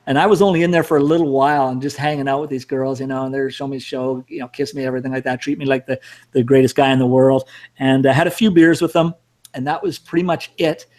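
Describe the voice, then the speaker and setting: Fast-talking middle-aged male storyteller, casual and rambling, cursing now and then. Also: mid-range voice, fairly even intonation, a little mellow. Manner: rambling, self-mocking, cursing. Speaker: storyteller host.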